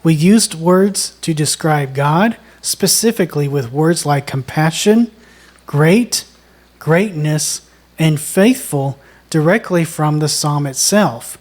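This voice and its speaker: A woman co-hosting a songwriting lesson, explaining in a measured, deliberate way. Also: deep voice, expressive, darkish tone. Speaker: songwriting co-host. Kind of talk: instructional conversation.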